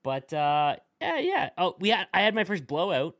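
A young man hosting a casual gaming podcast, chatty and quick to react. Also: high-pitched, wildly swooping pitch, fairly bright tone, no echo, studio quality. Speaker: podcast host. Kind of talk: casual chat.

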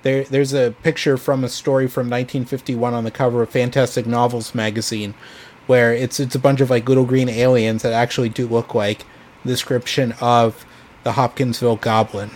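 A man's voice: mid-range voice, level tone, a little fast, darkish tone. Hesitant man co-hosting a podcast. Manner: hesitant, filler-heavy, restarts often. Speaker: podcast co-host presenting the story. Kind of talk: casual chat.

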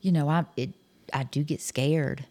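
A woman's voice: sits low, fairly even intonation, unhurried, a little mellow. A woman hosting a podcast, asking her guest friendly, curious questions in a casual interview. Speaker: podcast host.

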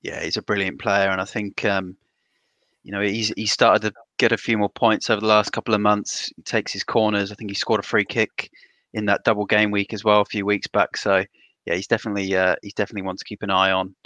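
A man's voice: fairly low pitch, level tone, brisk, pushed and bright, dry recording. A man on a podcast panel giving his pick with a few hesitations. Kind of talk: casual chat.

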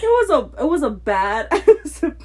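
A woman's voice: high-pitched, big pitch swings, moderate pace. A young woman co-hosting a podcast, telling a story in casual chat, swearing freely and laughing often. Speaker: podcast co-host.

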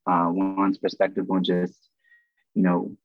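Deep husky man on a tinny line. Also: completely flat delivery, slow pace, dry recording, faint music behind. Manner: thoughtful, hedging. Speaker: podcast host. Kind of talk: casual discussion. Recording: dry tinny phone-like line.

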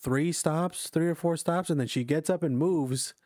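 A man's voice: on the high side, normal speed, darkish tone, no echo, clean studio sound. A young man telling a rambling, profane story to friends in casual chat, full of fillers.

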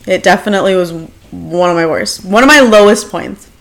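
A woman's voice: medium pitch, fairly quick, gravelly. Blunt, crude young woman. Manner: blunt, crude, self-mocking, many "like" fillers. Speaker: podcast co-host. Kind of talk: casual storytelling chat.

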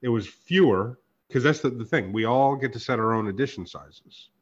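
A man's voice: medium pitch, normal speed. Man, podcast host, casual chat, swearing, acts out dialogue, muffled lo-fi audio. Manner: profane, storytelling with reenacted dialogue.

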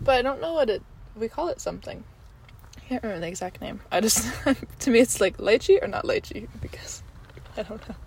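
A woman's voice: mid-range voice, a little hiss or hum, poor audio. A young woman giving a casual, rambling food review while eating, chatty and giggly with many ums. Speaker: vlogger.

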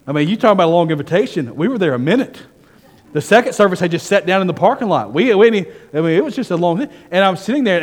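A man preaching a sermon as senior pastor, telling stories and swinging from hushed asides to fervent, raised delivery. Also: sits high, long reverb tail.

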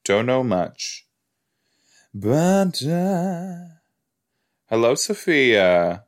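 A man hosting a podcast, chatting casually as he reacts to a TV episode, easily amused and quick to gasp and laugh. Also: on the low side, animated.

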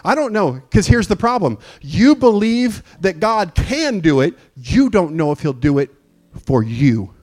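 A man's voice: high voice, expressive, unhurried, a little mellow. A male pastor preaching a sermon in an emphatic call-and-response manner, quizzing the congregation.

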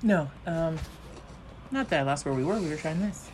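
Lively, low-voiced woman co-hosting. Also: normal speed, a little hiss or hum. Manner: animated, jokey, acts out quotes, swears. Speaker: podcast co-host. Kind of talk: casual chat.

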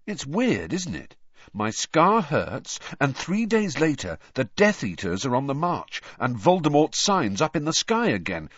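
A man's voice: fairly high pitch, wildly swooping pitch, measured pace, breathy edge, no room sound, pitched above the performer's own voice, exaggerated voice. A man voicing an earnest, troubled teenage boy wizard in a raised, urgent voice, on a dull lo-fi recording.

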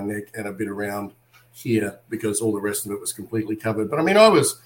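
This is an Australian man with a somewhat low voice, chatting casually as an interview guest. He tells his stories with energy and slips into other people's voices to act out what they said. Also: brisk. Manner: animated storyteller, acts out other people's lines. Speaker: guest, wrestler and actor.

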